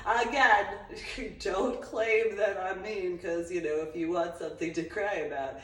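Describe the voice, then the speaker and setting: A woman's voice: medium pitch, a little slow, a bit bright. A middle-aged woman hosting her own channel in a rambling personal monologue, sardonic and breaking into frequent laughter. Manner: sardonic, laughs often between remarks. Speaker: YouTube channel host. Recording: roomy echo, distant mic.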